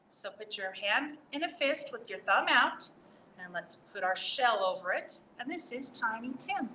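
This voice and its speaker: A cheerful woman leading a children's storytime, high-pitched and very lively as she talks to young kids, unhurried. She sounds roomy and set back from the mic, with a faint hiss underneath. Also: far from the mic. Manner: cheerful, sing-song, addressing children. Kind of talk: children's storytime reading and song. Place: library room.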